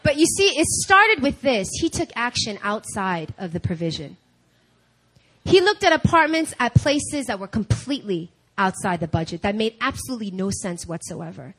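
High, lively woman preaching a sermon. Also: moderate pace. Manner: animated, acts out quoted dialogue. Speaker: speaker at a church service. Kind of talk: sermon with personal storytelling. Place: church service hall.

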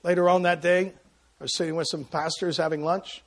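A man preaching a sermon as pastor, telling a personal story with sudden loud bursts and quiet asides. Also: fairly high pitch, little pitch movement, brisk.

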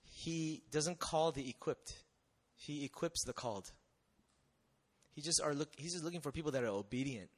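A young man telling a personal testimony to an audience in a conversational, animated way, often checking in with rhetorical questions. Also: fairly high pitch, normal speed. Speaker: missionary speaker.

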